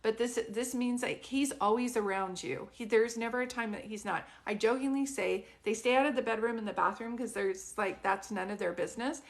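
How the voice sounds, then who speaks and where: A woman's voice: fairly high pitch, brisk, vocal fry, hardly any pauses. A woman giving a casual live psychic reading from home. She talks in a chatty, rambling way full of fillers and restarts. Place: at home with a dog nearby.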